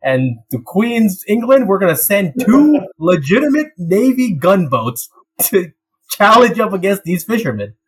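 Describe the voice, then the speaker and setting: A man's voice: sits high, sing-song, measured pace, pitched above the performer's own voice. A man loosely imitating a pompous prime minister who is grandly rallying the navy.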